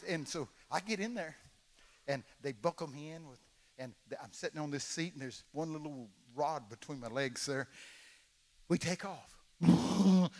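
A man, telling folksy stories in an animated sermon, sometimes shouting quoted lines. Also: a little high. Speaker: guest preacher. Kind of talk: storytelling sermon. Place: large church hall. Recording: long reverb of a large hall.

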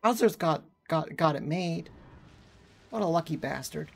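A woman's voice: low voice, animated, a little slow, creaky, slightly rough, soft background music. A woman VTuber streaming a game live, reacting with frustrated swearing and chatting with her viewers. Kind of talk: live gameplay commentary.

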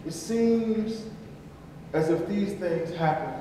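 A man's voice: sits high, takes it slowly, dark tone, slight background noise. A man preaching a sermon as pastor, emphatic and repetitive, in a large church. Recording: echoey church hall from far off.

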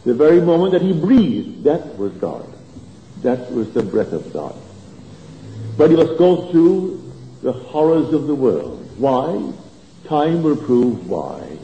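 Dark-voiced man lecturing in an echoey hall. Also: mid-range voice, very animated, slow, a little hiss or hum. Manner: emphatic, swooping delivery with sudden rises and drops. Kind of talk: spiritual lecture. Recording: echoey hall, dull lo-fi archival tape.

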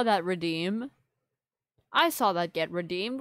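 A young woman chatting to her stream audience at a desk mic, rambling on and apologizing often as she works through things. Her voice sits at an ordinary middle pitch, and the sound is close and dry with no room echo. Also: animated, moderate pace, clean tone. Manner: rambling, apologetic, filler-heavy. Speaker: livestreamer. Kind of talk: casual live-stream chat to viewers.

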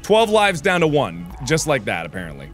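A man commenting on a video game as he plays it, loud and exasperated, swearing freely and breaking into sudden yells. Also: mid-range voice, wildly swooping pitch, a little fast, faint music behind. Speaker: let's play host.

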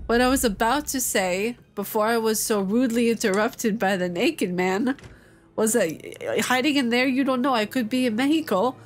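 A woman's voice: a little high, moderate pace. A young woman hosting a let's-play, chatting playfully with her viewers as she plays. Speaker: gaming channel host. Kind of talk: casual let's-play commentary.

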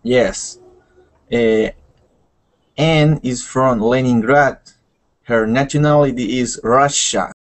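A man's voice: mid-range voice, takes it slowly, pauses often. A man learning English, answering in hesitant, tentative sentences. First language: Spanish. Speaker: language student.

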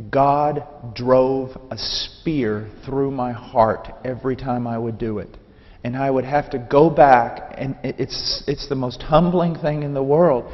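A man preaching his personal testimony in an animated storytelling manner, acting out the dialogue. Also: mid-range voice, big-room sound, lo-fi sound.

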